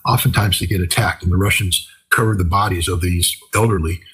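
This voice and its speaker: A man's voice: low-pitched, brisk, sharp tone, breathy edge, rough recording. An older man talking in a casual interview, telling stories in an emphatic, repetitive way. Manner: emphatic, repetitive, vivid storytelling. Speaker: commentator.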